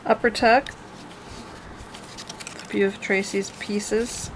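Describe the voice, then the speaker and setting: A woman's voice: mid-range voice, fairly even intonation, slow, a little hiss or hum, rough recording. Chatty woman showing off a handmade journal. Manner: chatty, rambling, with jokey asides. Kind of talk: casual show-and-tell.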